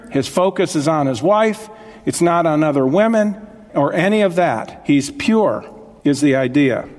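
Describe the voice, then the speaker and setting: A man's voice: on the high side, darkish tone, long reverb tail. A male pastor preaching a sermon, stressing key phrases, repeating them and checking that listeners follow.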